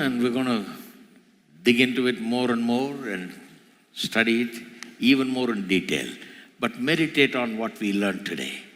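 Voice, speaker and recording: A man preaching a sermon as pastor, his voice climbing in pitch and volume as he repeats phrases for emphasis. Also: sharp tone. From India. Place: large church hall. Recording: church hall with long reverb.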